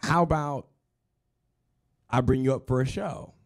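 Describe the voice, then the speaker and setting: A man quoting a kind, calm older male musician who speaks gently and encouragingly. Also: mid-range voice, a little slow, pitched above the performer's own voice, close to an everyday voice. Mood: gentle.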